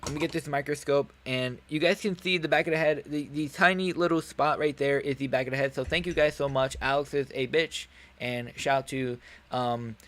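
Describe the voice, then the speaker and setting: A self-important male fight referee, put on by a man in a cartoonish voice, loud and pitched high, explaining the obvious with overblown earnestness. He sounds like a cartoon parody. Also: fairly even intonation, a little fast, natural voice. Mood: mock-serious. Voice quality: cartoonish, exaggerated. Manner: overly earnest, addressing an audience. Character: mock-solemn male fight referee giving a lecture.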